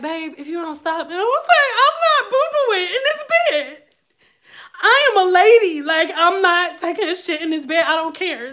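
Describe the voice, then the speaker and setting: Animated high-voiced woman storyteller. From Detroit. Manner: animated, profane, laughing as she tells it. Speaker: vlogger. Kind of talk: casual storytelling.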